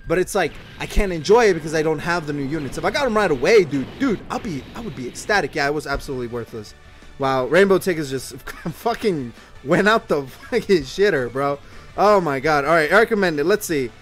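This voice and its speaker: A young man with a high voice talks through his game summons in a loose, casual way. He curses freely and lurches from low grumbling to loud yelps, with soft music playing under him. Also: fairly quick. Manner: excitable, swears often, swings from gloomy muttering to shouting. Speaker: mobile game channel host. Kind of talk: casual gacha summon commentary.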